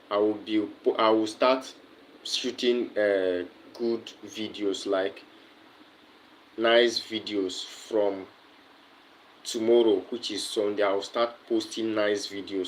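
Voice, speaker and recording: On a casual livestream, a Nigerian-accented man with a lowish voice answers viewers' comments, using lots of fillers and repeated words. The audio is poor, with slight background noise.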